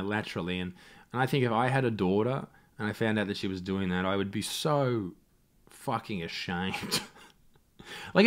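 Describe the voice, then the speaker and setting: A man's voice: lowish voice, a bit bright. An Australian man hosting a solo comedy podcast, rambling and swearing constantly, laughing at his own stories. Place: home setup in self-isolation.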